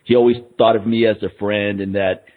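A man's voice: on the low side, flat delivery. A man hosting a podcast, talking candidly about his frustration in a casual conversation. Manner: fast, candid, frustrated venting. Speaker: podcast host. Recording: phone-like line.

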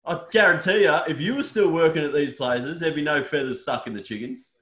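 An Australian man co-hosts a casual podcast chat, his voice on the high side and fairly quick, with a roomy sound. He rants animatedly, swearing and saying "mate" often.

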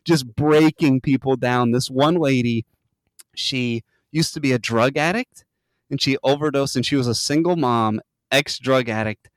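A man's voice: medium pitch, a little slow, no room sound. A man hosting a podcast, retelling a reality show in casual chat, swearing a lot and acting out the quotes. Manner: animated storyteller, swears a lot, acts out quotes in a raised voice. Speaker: podcast host.

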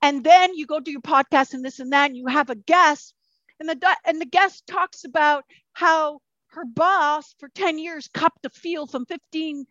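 A high-pitched woman chats as a podcast guest, lively and loose-tongued, swearing freely and slipping into voices she quotes. The sound is dry and a little dull. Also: moderate pace, no room sound. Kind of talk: casual interview chat.

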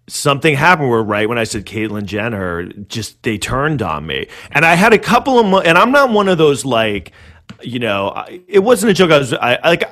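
A man's voice: mid-range voice, fairly bright tone. A comedian in casual chat who rambles, filling his talk with "like" and restarting his sentences. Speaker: stand-up comedian.

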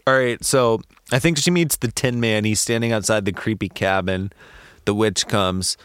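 A podcast co-host talks in a loose, casual way, swearing freely and laughing often. His voice sits low. The sound is dry and close. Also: normal speed, fairly bright tone, clear, resonant tone, no echo. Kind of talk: casual chat.

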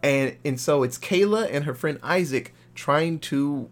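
A young man co-hosting a podcast, reviewing a horror film in casual, profane, animated chat. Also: on the high side, unhurried. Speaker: podcast co-host.

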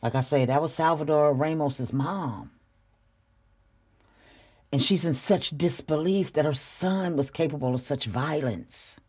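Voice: medium pitch, darkish tone, slightly rough. An earnest podcast host giving a heartfelt spiritual talk, repeating phrases and calling listeners y'all. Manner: repetitive, drawn-out phrasing.

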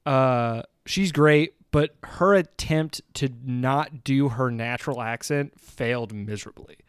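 A man's voice: medium pitch, slow pace, clean tone, dry recording, clean studio sound. A man co-hosting a podcast, chatting casually and sarcastically about a film he disliked. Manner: animated, sarcastic, laughs often. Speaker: podcast co-host. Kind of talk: casual movie review chat.

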